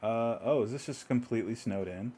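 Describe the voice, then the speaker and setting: A man's voice: medium pitch, fairly quick, mellow, husky. A man streaming a video game, chatting casually to himself and the game with frequent chuckles. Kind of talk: casual gameplay commentary.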